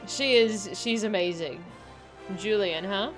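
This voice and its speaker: A woman streaming a game, chatting casually in a giggly, animated way. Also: medium pitch, measured pace, music in the background.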